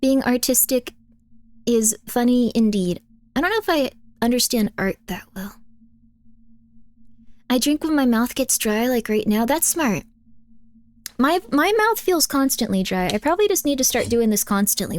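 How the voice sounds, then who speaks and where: Woman streamer just chatting, kinda rambly, lots of likes and laughs, slightly high voice. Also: animated, normal speed, long pauses. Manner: rambling, frequent fillers and laughter. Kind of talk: casual chat, reacting to chat and videos.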